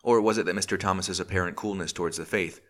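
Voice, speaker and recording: A man reading a novel aloud in measured, even scripted narration. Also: deep voice. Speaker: audiobook narrator.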